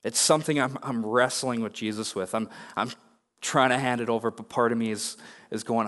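Earnest young pastor in a reverberant hall. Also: male voice, mid-range voice, fairly even intonation, brisk, fairly bright tone. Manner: earnest, personal and confessional. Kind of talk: sermon. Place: church sanctuary. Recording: long reverb of a large hall.

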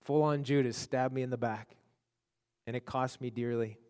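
A man's voice: medium pitch, steady tone, darkish tone, clear, resonant tone. Man preaching in an echoing hall. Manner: halting, repeats words, builds in intensity. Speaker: pastor. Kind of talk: sermon storytelling.

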